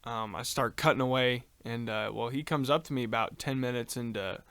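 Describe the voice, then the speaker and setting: With a clean, mid-range voice that's a bit bright, this male podcast co-host talks a little fast and keeps his intonation fairly even, and there's no room sound. He rambles through a long story on a casual show, with plenty of ums and uhs and free swearing.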